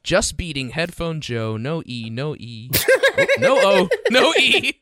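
A man hosts a podcast with a bright, ringing voice. His pitch swings widely as he banters. He reads listener notes in a joking way. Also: wildly swooping pitch, slow pace. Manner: jokey, laughs while reading. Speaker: podcast host. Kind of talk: casual banter, reading listener messages.

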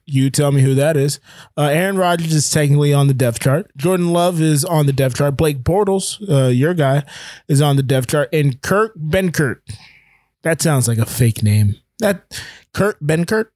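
A man's voice: a little high, darkish tone, no room sound. Teasing young man in sports banter. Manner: teasing, quick to push back. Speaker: podcast co-host. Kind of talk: casual sports chat.

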